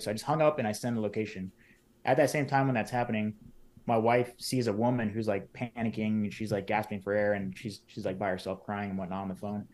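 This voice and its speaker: A man, a podcast guest, casually retelling events in detail, acting out what people said and filling his speech with "like.". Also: on the low side. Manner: retells events in detail, acting out quoted lines, many fillers like "like". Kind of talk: casual personal storytelling.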